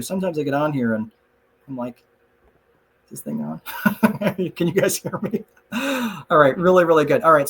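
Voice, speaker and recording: Guy running an online writing class, kinda high voice, chatty and jokey, keeps saying look and right. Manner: conversational, frequent "look" and "right?" asides, self-joking. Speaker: class presenter. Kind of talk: casual online class, answering chat questions.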